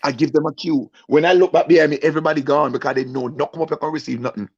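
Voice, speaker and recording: This young comedian's voice sits on the high side, rapid-fire and breathy. Performing an animated stand-up story, he acts out the people in it and keeps turning to question the audience. The recording is muffled and lo-fi.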